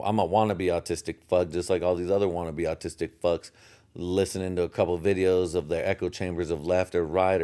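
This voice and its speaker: A young American man hosts a solo podcast in a low, mellow voice. He rambles across topics, swearing heavily and chuckling at his own jokes.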